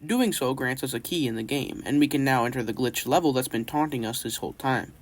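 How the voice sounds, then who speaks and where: A man's voice: mid-range voice, a little fast. A man giving casual, enthusiastic commentary as a gaming YouTuber walking through a horror game.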